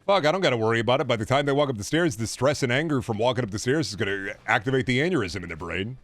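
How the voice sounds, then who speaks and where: A man's voice: mid-range voice, lively intonation, rapid-fire, fairly bright tone, no room sound. A young man streaming a game, riffing in a profane, sarcastic way in casual chatter.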